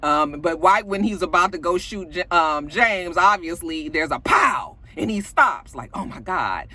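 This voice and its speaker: A woman casually recapping a TV episode in an animated, profane, joking manner. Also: fairly low pitch, normal speed. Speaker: TV show reviewer.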